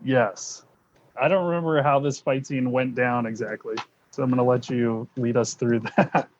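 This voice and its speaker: A man's voice: mid-range voice, fairly even intonation, moderate pace, slight background noise. A man co-hosting a podcast, chatting casually with brief agreeing replies and dry asides. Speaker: podcast co-host. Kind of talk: casual film-review chat. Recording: dull lo-fi sound.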